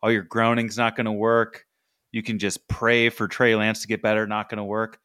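A man's voice: lowish voice, monotone, moderate pace, bright, forceful tone, smooth, no room sound, studio quality. A man voicing a smug, taunting male quarterback reading out a mocking letter. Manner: mocking, trash-talking.

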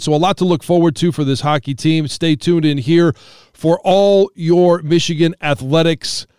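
Male podcast host, smooth and slightly high voice, dry close sound, conversational. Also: darkish tone, dry recording. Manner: conversational, some fillers. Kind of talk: interview and sign-off.

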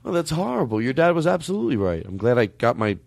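A man's voice: medium pitch, big pitch swings, quick pace, gravelly, crowd noise. A man hosting a podcast in casual comedic chat, joking and slipping into an ad-read patter. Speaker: podcast host.

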